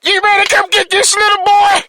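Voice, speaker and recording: Man doing a squeaky scolding voice, far from the mic, teasing. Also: monotone, normal speed, pushed and bright, dry recording, studio quality. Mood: mock scolding. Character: shrill scolding voice calming a grandson.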